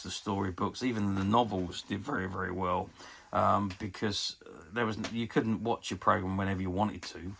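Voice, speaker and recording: A man's voice: deep voice, fairly even intonation, creaky, fairly bright tone, slight background noise. A man in his fifties giving a chatty, hesitant show-and-tell review of a collectable toy book. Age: 50s. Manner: chatty and hesitant, often pausing with ums.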